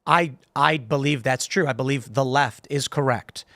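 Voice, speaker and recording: Hosting a political panel program, this man speaks with animation, breaking into imitations of whoever he's quoting partway through a story. He has a medium-pitched voice at a normal speed, recorded cleanly in a studio without room sound.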